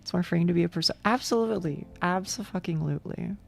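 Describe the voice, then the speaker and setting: A woman's voice: fairly low pitch, quick pace, creaky, darkish tone. A young woman streaming, chatting casually with viewers, rambling and swearing with frequent laughs.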